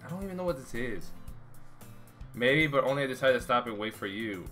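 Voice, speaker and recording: A man's voice: mid-range voice, animated, fairly quick, a bit bright, faint music behind. A young man streaming a game, rambling and swearing in exasperation while he chats with viewers and friends. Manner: talks to chat and friends. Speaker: gaming streamer. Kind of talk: casual live-stream commentary.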